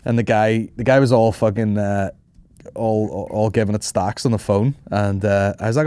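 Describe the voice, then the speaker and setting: Profane man, low voice. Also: steady tone, a little fast, dark tone, smooth, no echo, clean studio sound. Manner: profane, rambling, laughs often. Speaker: podcast host. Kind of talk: casual comedic storytelling.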